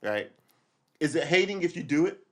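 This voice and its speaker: A man in his forties hosts a livestream, telling a rambling, casual story in which he swears and keeps losing his train of thought. His voice is fairly high and sing-song, moving at a moderate pace.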